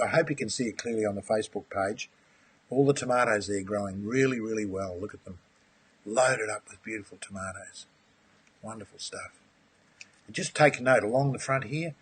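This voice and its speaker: A man's voice: mid-range voice, husky. A middle-aged man hosting a live webinar, chatty and enthusiastic. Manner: enthusiastic, chatty, uses "mate". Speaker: aquaponics course host.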